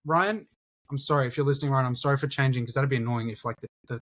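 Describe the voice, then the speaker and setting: A man's voice: medium pitch, quick pace, a bit bright, a little hiss or hum. A young man co-hosting a casual podcast, laid-back, swearing often and calling people dude and bro. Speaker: podcast co-host, YouTuber.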